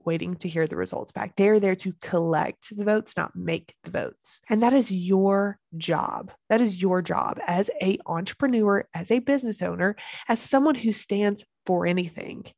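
A woman's voice: mid-range voice, moderate pace, vocal fry, a little mellow, no room sound. A woman hosting a solo podcast as a business coach, talking with energy and emphasis and repeating key phrases.

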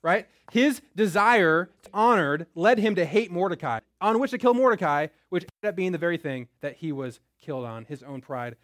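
A man's voice: high voice, animated, moderate pace, hardly any pauses, dry recording. A young man teaching a Bible story in a casual style who keeps checking in with "right?". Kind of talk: lively Bible lesson.

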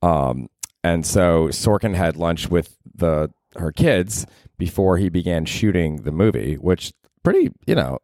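Low-voiced male podcast host, profane and rambling, dry close sound. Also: animated, unhurried, darkish tone, dry recording. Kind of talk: casual solo podcast monologue. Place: his apartment at night.

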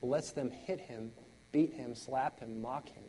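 A dynamic preacher, man with mellow voice. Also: medium pitch, measured pace, a little hiss or hum, low-quality recording. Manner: dynamic preaching, swinging from loud exclamations to quiet intensity; laughs between points, conversational asides. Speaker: pastor. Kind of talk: sermon.

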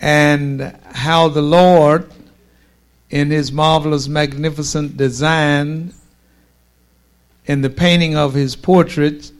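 Slow, emphatic male preacher. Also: fairly high pitch. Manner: slow, drawn-out preaching cadence with emphatic pauses; forceful declarations. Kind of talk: sermon.

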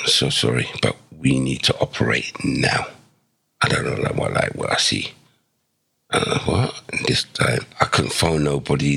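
A man tells his life story as a podcast guest, acting out the quoted lines in his anecdotes. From England. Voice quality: deep gravelly voice. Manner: animated, acts out dialogue with quoted voices. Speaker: podcast guest, former footballer. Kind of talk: conversational storytelling.

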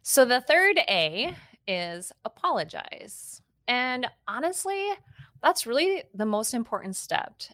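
A woman's voice: a little high, a bit bright, dry recording. A woman hosting a parenting podcast, explaining steps one by one in an encouraging, instructive way. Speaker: parenting podcast host and educator.

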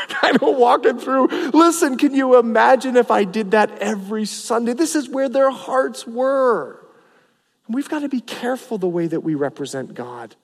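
A man preaching a sermon as a pastor, animated, acting out the people in his story with a voice that rises and drops. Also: high-pitched, moderate pace. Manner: animated, acts out the people he preaches about, voice rising and dropping. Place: church sanctuary. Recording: long hall reverb.

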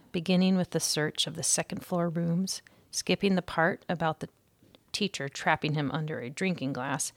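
A woman teacher reads a children's chapter book aloud for young listeners, giving each character a voice. Her voice is lowish with a gravelly edge, recorded dry and close. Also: no room sound. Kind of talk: storybook read-aloud.

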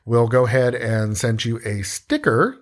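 A man's voice: mid-range voice, unhurried. A man hosting a podcast, reading the intro and then joking around in casual chat. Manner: playful, lively, jokey. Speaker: podcast host.

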